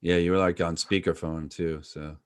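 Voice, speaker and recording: A man's voice: deep voice, level tone, moderate pace, smooth. A man chatting casually, asking rambling, hesitant questions with many fillers. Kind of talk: casual chat.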